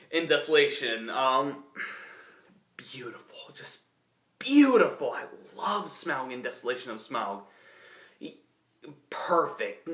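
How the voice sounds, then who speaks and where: A man's voice: a little high, sharp tone. A young man giving a casual spoken film review, rambling with many restarts and fillers. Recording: echoey room.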